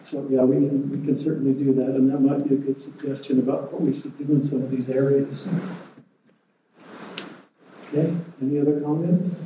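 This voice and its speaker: A man explaining water policy at a public meeting in a plain, measured way, with many restarts. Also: mid-range voice, level tone. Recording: roomy, distant, muffled, faint noise.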